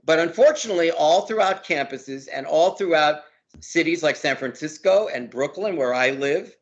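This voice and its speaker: A man's voice: on the high side, animated, normal speed, muffled recording. A man, a law professor as interview guest, talking heatedly and hammering points by repeating words. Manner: emphatic, repeats words for force. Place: lives in Brooklyn.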